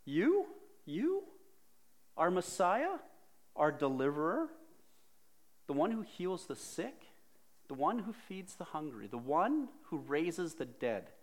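A man voicing an incredulous disciple, voice climbing high. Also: big pitch swings, takes it slowly, long pauses, heavily acted. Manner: incredulous, rising exclamations. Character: agitated male disciple protesting.

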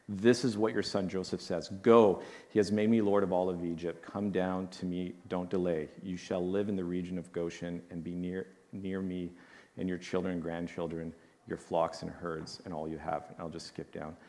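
Man, very deep voice, sermon, scripture reading, soft and emotional, long hall reverb. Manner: reads slowly and softly, then comments with emotion. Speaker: preacher.

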